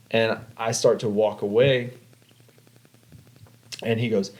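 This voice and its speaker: Animated young man telling a story. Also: lowish voice, normal speed, poor audio. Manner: animated storyteller, swears, repeats himself. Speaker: podcast host. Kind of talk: casual chat.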